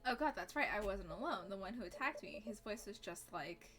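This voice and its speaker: A woman with a bright, clear voice plays through a visual novel on stream and reads its lines aloud. She keeps dropping into casual, sweary comments between lines, and soft music plays underneath. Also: mid-range voice, expressive, a little fast. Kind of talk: let's-play commentary, reading game text aloud.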